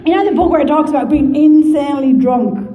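Lively Irish woman sharing her story. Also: high-pitched, brisk, roomy sound, rough recording. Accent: Irish Midlands. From Ireland. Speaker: recovery meeting speaker. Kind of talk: personal testimony to an audience.

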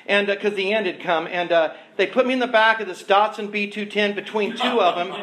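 High-voiced man rambling through a stage story. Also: brisk, a bit bright. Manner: rambling, self-mocking, laughing through the tale. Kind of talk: stand-up storytelling. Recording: live show with audience laughter. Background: crowd laughing.

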